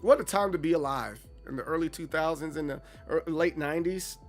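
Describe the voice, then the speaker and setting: A man in his thirties chatting casually on a gaming livestream, animated and playfully dramatic. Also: fairly high pitch, a little fast, faint music behind. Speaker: streamer.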